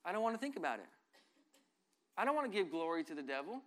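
A middle-aged man preaching a sermon as pastor, earnestly reading scripture and moving between loud and soft passages. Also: high-pitched, very animated, fast, long pauses.

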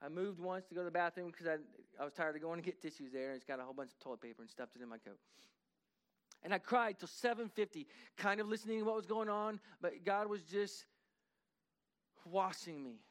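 High-voiced preaching man. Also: a little fast, fairly bright tone, clean tone. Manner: earnest, conversational preaching with rising intensity. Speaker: pastor. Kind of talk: sermon. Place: church sanctuary.

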